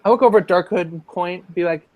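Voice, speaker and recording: A man's voice: sits high, quick pace, phone-quality sound. A man playing a tabletop role-playing game, with playful outbursts in character. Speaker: player.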